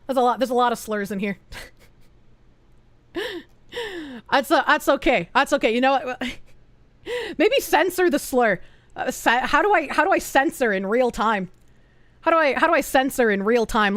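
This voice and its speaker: A woman's voice: high-pitched, no echo. A woman streamer reading out posts to her chat in a casual, profane, exasperated way. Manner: profane, exasperated, quick to gasp and laugh.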